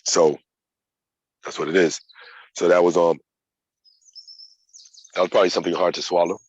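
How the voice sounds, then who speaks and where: A man's voice: sits low, level tone, moderate pace, breathy edge, no room sound, highs cut off. A man in his thirties candidly recounting a personal journey in casual, profane, reflective talk. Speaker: yoga practitioner sharing his story.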